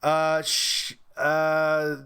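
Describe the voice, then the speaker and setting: A man's voice: on the high side, completely flat delivery, extremely slow, sharp tone, clear, resonant tone. A man hosting a casual live-stream Q&A about movies, rambling and opinionated with frequent restarts. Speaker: host of a film review channel.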